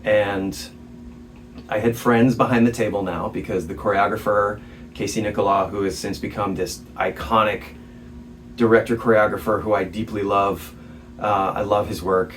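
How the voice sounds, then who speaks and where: A man, a stage actor, telling a story as an interview guest in a candid, animated way, laughing between remarks. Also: lowish voice, moderate pace. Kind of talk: casual storytelling. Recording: distant mic, faint background noise.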